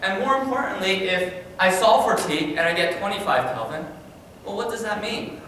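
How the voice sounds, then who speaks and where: High, bright-voiced man in an echoey hall. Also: moderate pace. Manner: energetic, animated, repeats words when starting. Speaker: high school science teacher presenting. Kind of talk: conference presentation. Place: large conference room. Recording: echoey hall from far off, faint noise.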